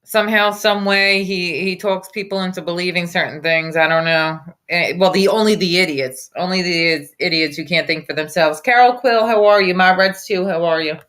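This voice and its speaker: A woman's voice: fairly low pitch, steady tone, moderate pace, few pauses, a bit bright. A woman hosting reaction commentary over a clip, mocking and combative in tone. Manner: mocking, sarcastic, combative ranting. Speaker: commentary host.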